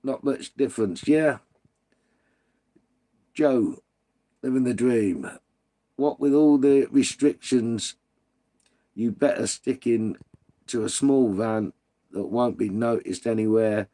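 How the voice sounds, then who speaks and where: A man's voice: medium pitch, slow, long pauses, dark tone. A British man hosting a live stream, chatting casually with viewers and reading out their comments in a blunt, sweary, ranting way.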